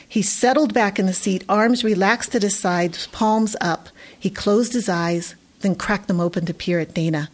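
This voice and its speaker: Expressive woman reading a children's book. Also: medium pitch, moderate pace, few pauses. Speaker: narrator. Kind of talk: audiobook narration.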